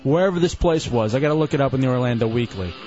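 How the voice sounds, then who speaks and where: A man's voice: mid-range voice, lively intonation, racing, darkish tone, highs cut off, soft background music. A man hosting a radio show, bantering and scolding a crew member in a teasing way. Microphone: studio mic.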